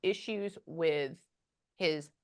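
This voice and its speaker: Woman medium, lowish voice, stop-start delivery with murmured asides over a video call. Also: clean tone. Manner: halting, with many "hold on" pauses and quiet murmured asides. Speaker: psychic medium.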